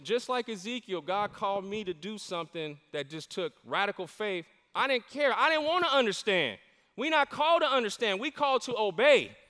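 A man preaching a sermon as a campus pastor, animated and repeating his key lines for emphasis. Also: high voice, moderate pace. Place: church stage. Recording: long hall reverb in a church.

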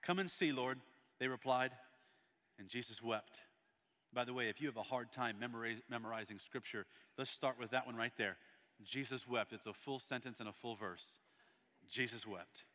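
A man preaching a sermon in a church, reading scripture aloud and breaking off to speak to the congregation, with a delivery that swings between loud and soft. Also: mid-range voice, normal speed, big-room sound. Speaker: pastor.

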